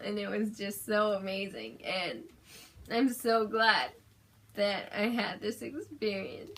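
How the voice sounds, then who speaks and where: A young woman, her voice hoarse from screaming, gushing and giggling as she recaps her day in a casual vlog. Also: fairly high pitch. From Los Angeles, USA. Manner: gushing, giggly, fan excitement. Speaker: vlogger.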